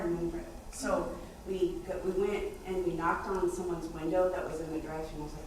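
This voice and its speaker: A woman on a convention panel telling a story with animated laughs. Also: on the low side, brisk, noisy background. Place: convention hall room before an audience. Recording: very echoey hall, far from mic, crowd behind.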